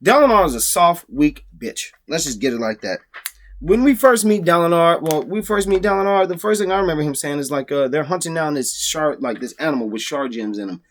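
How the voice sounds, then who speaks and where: A man rants through a casual book review, swearing freely in an exasperated, mocking tone. His voice sits a little higher than most men's. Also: expressive, a little fast.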